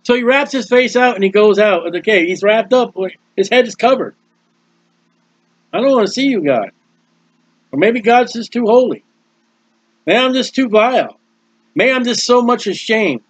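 A man's voice: very high-pitched, normal speed, dry recording. A man preaching a sermon, explaining scripture plainly and reading out the verses in turn. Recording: dull dry lo-fi recording.

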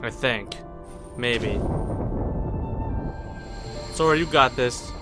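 A man's voice: mid-range voice, extremely slow. A young man giving casual, rambling let's play commentary, joking and talking back to the characters on screen. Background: game music.

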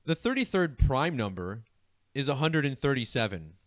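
A man's voice: mid-range voice, very animated, normal speed, no room sound. Giggly man at a dry desk mic. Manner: giggly, keeps breaking into laughter. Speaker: numerology video host. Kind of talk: casual screen-share commentary.

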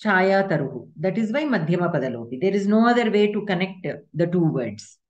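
A woman's voice: medium pitch, very animated, a little fast, darkish tone, muffled recording. A woman teaching Sanskrit grammar in an online class, explaining patiently step by step with examples.

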